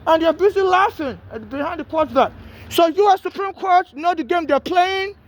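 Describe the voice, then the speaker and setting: A man with a strikingly high-pitched voice, talking straight to camera. He rambles and pleads, circling back and repeating himself with urgency. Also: moderate pace. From Nigeria. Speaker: homeless man filming a plea. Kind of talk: urgent direct-to-camera plea.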